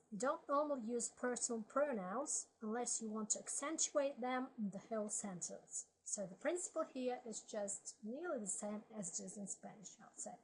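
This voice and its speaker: A woman teaching a language lesson, slowly reading word lists aloud and explaining grammar step by step. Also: fairly high pitch, a little hiss or hum, poor audio. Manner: slow, methodical, reads word lists aloud.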